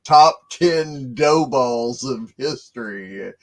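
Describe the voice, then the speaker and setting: Slow-talking man with a halting, chuckling delivery. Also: mid-range voice, expressive. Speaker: co-host. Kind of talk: casual chat.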